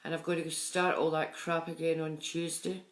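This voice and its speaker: A middle-aged woman, chatting on a live stream and warmly greeting viewers by name. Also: sits low, little pitch movement, moderate pace. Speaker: psychic medium streaming live. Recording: echoey room sound.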